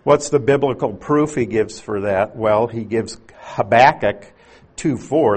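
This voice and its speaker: A man's voice: mid-range voice, measured pace, darkish tone, husky. A man teaching through scripture in an expository sermon, patient and explanatory, leaning on key words to drive his points home. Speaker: Bible teacher.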